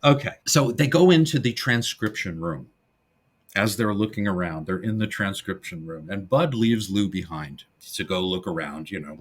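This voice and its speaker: A man's voice: low voice, moderate pace, husky. A middle-aged man co-hosting a podcast, animatedly retelling classic comedy scenes in casual conversation. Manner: animated storyteller, acts out the film's lines in character. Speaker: podcast co-host. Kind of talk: casual film discussion.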